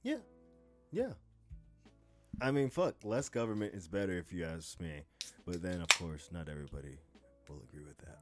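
A man's voice: low-pitched, lively intonation, moderate pace, long pauses, loud music behind the voice. A young man co-hosting a casual podcast, talking in a rambling, profane way with lots of restarts. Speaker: podcast co-host.

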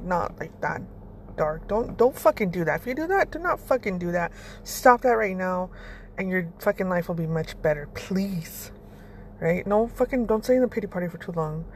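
A woman's voice: medium pitch, slight background noise. A woman hosting a casual motivational monologue, blunt and rambling, swearing freely as she talks. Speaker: podcast host.

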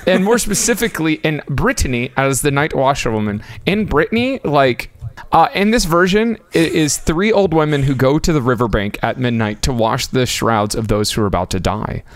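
A man's voice: medium pitch, animated, normal speed, dry recording. A man co-hosting a podcast, reading out notes in casual chat with wry, self-deprecating asides. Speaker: podcast co-host.

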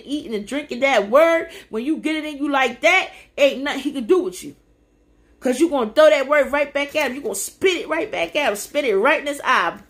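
A woman preaching on a livestream in a fervent, repetitive cadence that climbs into shouts. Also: a little high. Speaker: podcast host. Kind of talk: preaching on a social media livestream. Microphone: phone or webcam on a livestream.

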